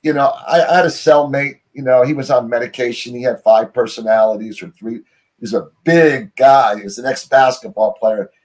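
This middle-aged American man has a medium-pitched, steady, somewhat dark voice and talks at a moderate pace. Heard over a remote call as an interview guest, he wanders through his story, often saying "you know" and cutting himself off to start sentences again.

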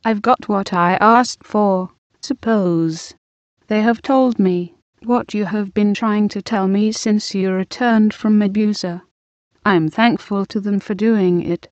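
Storybook role: fierce, resentful young wife voiced by a woman, slow delivery, dry muffled recording. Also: mid-range voice, steady tone, a little mellow, no echo, lightly acted. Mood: bitter.

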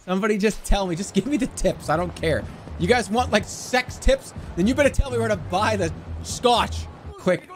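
A man streaming, goofing around and swinging between low mumbles and shouts. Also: moderate pace, slight background noise. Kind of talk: livestream commentary.

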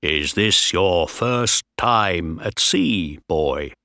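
Casting: man playing a harsh, bossy captain, deep, slow, clipped commands, dry sound. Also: animated, sharp tone, no room sound, heavily acted. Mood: stern. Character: stern, bossy young male ship captain.

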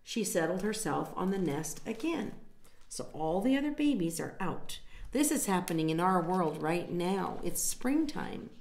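A woman reading a picture book aloud to children, gently stopping to explain words and point at the pictures. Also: lowish voice, big pitch swings, a little slow, creaky. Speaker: storytime reader. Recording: echoey room.

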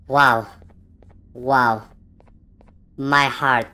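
A woman's voice: rumbling low, lively intonation, slow pace, pauses often, bright, forceful tone, faint music behind. A woman hosting a gaming channel, reacting to a horror game in her room with jumpy, frightened exclamations and gasps. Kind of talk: horror game let's play commentary. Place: own room at home.

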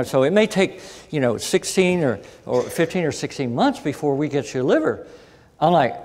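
A man giving a storytelling lecture as a guest speaker, animated and acting out the voices of people he quotes. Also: mid-range voice. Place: conference hall. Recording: long hall reverb.

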